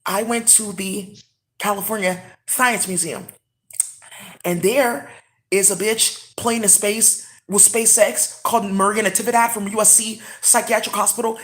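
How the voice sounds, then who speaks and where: A woman talking in a rambling monologue. She swings between hushed whispers and loud, excited outbursts. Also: mid-range voice.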